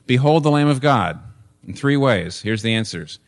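A man's voice: mid-range voice, expressive, a little slow, gravelly. Emphatic male preacher. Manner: emphatic, with repeated phrases and rhetorical questions. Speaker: pastor. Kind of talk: sermon. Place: church.

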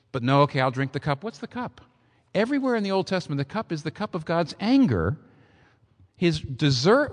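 A man preaching a sermon in an impassioned, emphatic way, piling up repeated phrases. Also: medium pitch. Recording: long hall reverb.

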